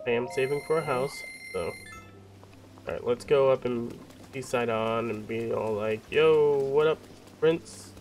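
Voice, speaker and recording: A man's voice: medium pitch, little pitch movement, normal speed, a little hiss or hum. A man casually commenting while streaming a video game live, joking and talking to himself.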